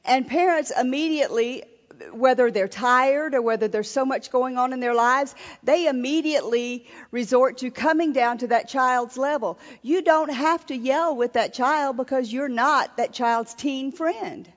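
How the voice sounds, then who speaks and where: A woman minister with a voice that sits high delivers an earnest sermon at a marriage seminar, speaking at a measured pace and often restarting her sentences. The lo-fi recording was made in a reverberant hall.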